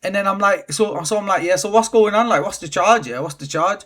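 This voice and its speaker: A man telling a story in a casual vlog, animated and slangy, swearing freely. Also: high-pitched, brisk. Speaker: vlogger.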